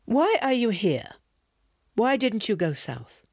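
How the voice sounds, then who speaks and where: A man voicing an awkward, earnest young male revolutionary who speaks in a ponderous, hesitant monotone. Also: high voice, slow, no room sound, studio quality, voice pushed up, exaggerated voice. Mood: probing.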